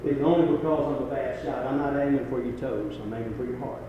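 Folksy preacher in echoing hall. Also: male voice, mid-range voice, fairly even intonation, fast, dull audio. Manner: folksy, rises to emphatic climaxes then drops quiet. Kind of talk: sermon. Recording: very echoey hall with faint noise.

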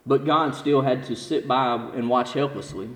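A man preaching a sermon as pastor, building to intense emphasis and then dropping low and slow. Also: steady tone, fairly bright tone, reverberant, big-room sound, slight background noise.

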